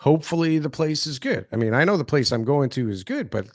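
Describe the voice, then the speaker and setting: A man's voice: on the high side, very animated, fast, no room sound, clean studio sound. A man co-hosting a podcast in casual, rambling chat, swearing freely and restarting his sentences. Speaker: podcast co-host.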